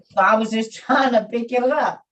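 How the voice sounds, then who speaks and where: A woman's voice: a little high, moderate pace, a bit bright, distant mic, poor audio. A woman hosting an online meeting, chatting casually with listeners and encouraging them about faith. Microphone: video call.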